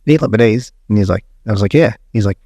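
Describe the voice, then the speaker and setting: A man's voice: lowish voice, very fast, slightly rough, dry recording. An Australian man co-hosting a podcast, chatting casually, laughing often and swearing as he tells stories. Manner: laughing, swearing, animated storytelling. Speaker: podcast co-host. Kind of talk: casual chat.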